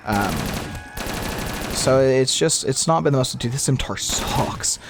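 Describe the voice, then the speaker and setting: A young man in his twenties talks casually while he plays, stumbling and restarting his sentences as he goes. His voice sits at an ordinary middle pitch. Loud game gunfire and noise run behind him. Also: moderate pace. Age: 20s. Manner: rambling, with frequent restarts and stumbles; switches between lively talk and muttered gameplay remarks. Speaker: gaming YouTuber. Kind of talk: casual commentary while playing. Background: video game gunfire and zombie sounds.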